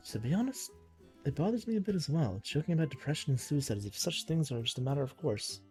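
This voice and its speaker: A man's voice: a little high, animated, fast, darkish tone, breathy edge, faint music behind. A young man reading a visual novel's narration aloud on a live stream, sometimes tripping over words and restarting.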